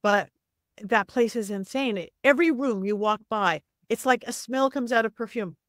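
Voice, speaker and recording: A middle-aged woman, a psychic medium, telling a story with lively swings in her voice and acting out the people in it. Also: moderate pace, dry recording, studio quality. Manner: acts out voices in quotes, lively swings of pitch. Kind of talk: animated storytelling.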